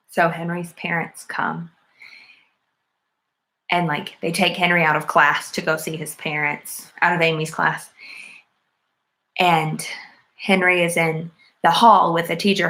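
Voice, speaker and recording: Woman, casual movie reviewer, slightly low voice, rambling and earnest. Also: a bit bright. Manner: chatty, lots of "like" and "um" fillers; earnest and enthusiastic about the film. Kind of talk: casual plot retelling.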